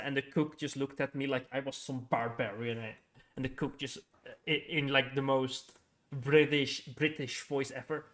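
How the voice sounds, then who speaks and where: A man's voice: medium pitch, fairly even intonation, fairly quick, a bit bright. Young man, livestream gamer, rambling, chuckling, filler words, faint music behind. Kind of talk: casual gaming livestream chat.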